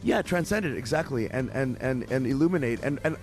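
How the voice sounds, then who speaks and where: A man's voice: medium pitch, expressive, a little fast, music in the background. A man from Canada, a musician interview guest, telling stories in a rambling way with many restarts. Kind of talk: casual interview chat.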